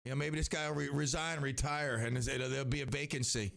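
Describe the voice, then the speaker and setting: A middle-aged man with a voice slightly rough from yelling, rambling in casual live stream chat with many restarts. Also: medium pitch, fairly quick. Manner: rambling, animated, self-interrupting with restarts. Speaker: live stream host and youth sports coach.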